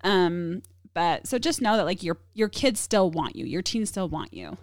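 A woman, a therapist guest on a podcast, who talks fast and keeps checking in with "right?". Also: on the low side, lively intonation, dry recording, clean studio sound. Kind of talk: casual podcast conversation.

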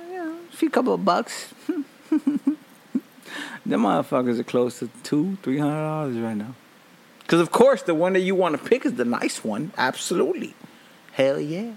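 Raspy higher-voiced man telling funny stories. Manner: animated, profane, laughing at his own jokes. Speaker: host. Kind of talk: comic storytelling monologue.

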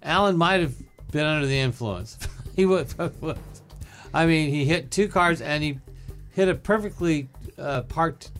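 A man's voice: a little high, a little slow, fairly bright tone, faint music behind. A man co-hosting a radio entertainment news segment, trading sarcastic asides in casual banter. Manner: wry, sarcastic asides with frequent laughs. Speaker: radio co-host.

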